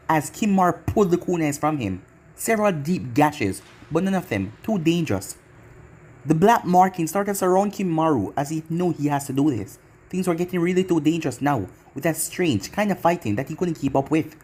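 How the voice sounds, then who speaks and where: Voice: mid-range voice, lively intonation, fairly quick, darkish tone, breathy edge. A channel host reading a fan-made anime story aloud in long run-on sentences. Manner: run-on, loosely read narration.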